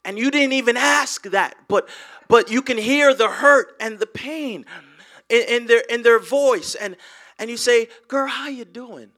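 Male pastor preaching, high bright voice, keeps repeating words, loud then almost whispering. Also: a little slow. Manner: repeats and stutters words, swings from loud to hushed. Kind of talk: sermon.

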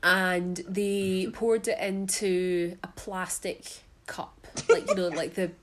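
A woman's voice: mid-range voice, flat delivery, slow. A Scottish woman co-hosting a podcast, telling a story in casual chat and laughing as she talks. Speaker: podcast co-host.

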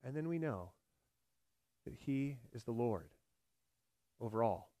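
A man preaching a sermon, swinging from loud emphatic lines to hushed, low delivery. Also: animated, slow, no echo, studio quality. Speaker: pastor.

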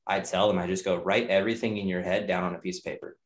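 A young nutrition coach and trainer speaks fast in a deep, flat voice on a casual podcast. He's candid and swears freely, building his points in chains of repeated ideas.

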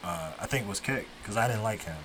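A man's voice: fairly low pitch, expressive, quick pace, background noise. A man hosting a podcast, telling stories in a laid-back, profane, casual way. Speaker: podcast host.

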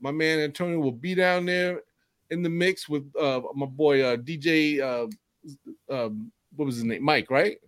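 A man's voice: a little high, a little slow, no echo, studio quality. A man hosting a fan podcast, talking up giveaways and ribbing rival fans in casual chat. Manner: hype-man banter with joking jabs. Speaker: podcast host.

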